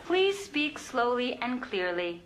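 A woman's voice: fairly high pitch, slow pace. Polite American talking lift, as a woman voices it. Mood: calm. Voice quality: calm, polite, automated. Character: polite American voice-activated elevator.

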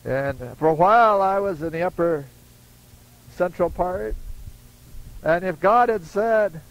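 A man's voice: high-pitched, takes it slowly, rough recording. An older man preaching a folksy storytelling sermon, acting out voices in his stories. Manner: acts out voices in his stories, chuckling asides.

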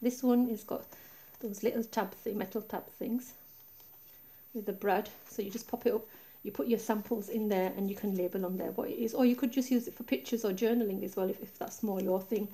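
A woman's voice: medium pitch, brisk. A woman walking through a handmade craft project in a casual, chatty show-and-tell, recorded on a tablet set up above her desk. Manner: chatty, relaxed, pointing things out step by step. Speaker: craft tutorial maker. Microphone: tablet camera set high above the desk.

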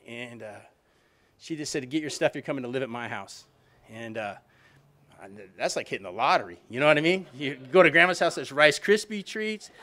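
A man's voice: a little high, fairly bright tone. A middle-aged man giving a rambling, self-deprecating recovery talk, peppered with "you know what I mean.". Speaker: alumni reunion speaker.

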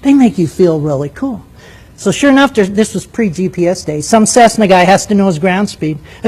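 An older man and former military pilot telling a story to a live audience, in an animated, vivid way. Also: high voice, normal speed, husky.

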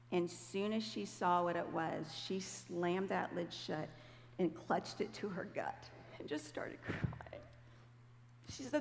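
A woman's voice: on the low side, slow pace, vocal fry. A woman giving a personal testimony at church in a conversational storytelling way, acting out the voices she quotes. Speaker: church speaker. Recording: echoey hall, faint noise.

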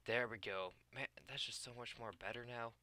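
A man's voice: medium pitch, fairly even intonation, normal speed, sharp tone. A tired young man giving casual gameplay commentary on his video channel, rambling, losing his train of thought and filling gaps with "uh" and "like". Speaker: gaming YouTuber.

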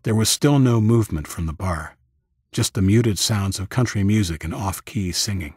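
A man narrating a first-person audiobook in a steady, even storytelling manner. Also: fairly low pitch, moderate pace, breathy edge, no echo, studio quality.

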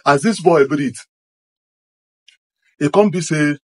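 A Nigerian man with a husky, rather high voice tells a story at a slow pace, recounting a personal experience in the first person. He is animated and excited, repeats himself, and acts out what happened.

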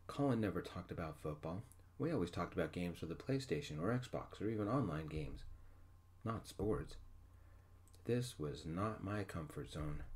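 Deep-voiced man, soft-spoken ASMR story. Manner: gentle, unhurried first-person narration.

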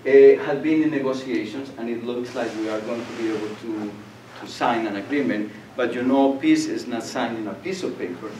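A man's voice: mid-range voice, brisk, hardly any pauses. An older man from Colombia, giving a public lecture and telling stories, acting out voices and laughing. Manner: animated storyteller, acts out voices and laughs. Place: lecture hall. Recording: echoey room, distant mic, faint noise.

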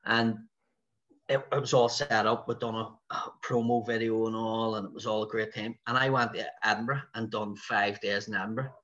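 A man's voice: on the low side, moderate pace, dull audio. A man with a Belfast accent, a stand-up comedian telling anecdotes in a casual way and acting out other people's voices. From West Belfast, Northern Ireland. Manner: animated storyteller who acts out the voices of other people.

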